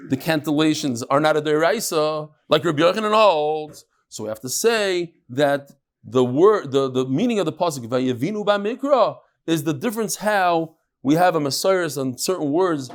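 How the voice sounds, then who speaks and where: A middle-aged man teaching a daily Talmud class in a conversational way, with frequent asides and restarts. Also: a little high. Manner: conversational, mixes Hebrew and Aramaic terms, frequent restarts and asides.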